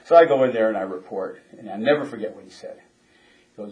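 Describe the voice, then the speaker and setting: An older man and former Marine telling a story in a casual interview, chuckling often and halting with restarts. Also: lowish voice, darkish tone.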